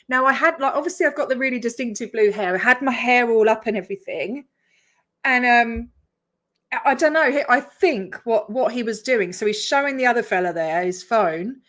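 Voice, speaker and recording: Woman, Australian accent, blunt casual streamer, swears freely, swooping lively voice, fairly high. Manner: blunt, swears, laughs in disbelief. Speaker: streamer reacting to her own video. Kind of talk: casual reaction stream chat.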